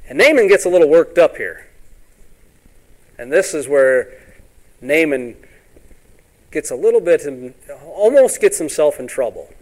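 A man preaching a sermon in a folksy way, often asking "all right?" and acting out Bible scenes in quick voices. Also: fairly high pitch, lively intonation, a little mellow. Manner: ends points with "all right?".

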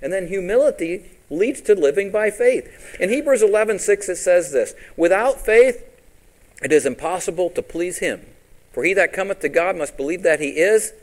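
A man's voice: sits high, expressive, moderate pace, low-quality recording. A man preaching a sermon as pastor, quoting scripture and asking his congregation questions, with big rises and drops for emphasis.

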